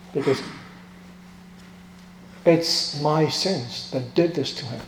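A man preaching a sermon as a pastor, impassioned, swinging from hushed lines to loud outbursts. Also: a little high, takes it slowly, pauses often. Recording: echoey hall with long reverb.

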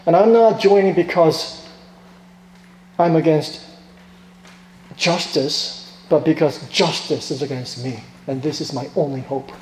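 A man preaching in a church sanctuary, his voice a little high but mellow and dark in tone. He swings between hushed, slow lines and loud, pleading outbursts. The room rings with a long, echoey reverb. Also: slight background noise. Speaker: pastor. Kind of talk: sermon.

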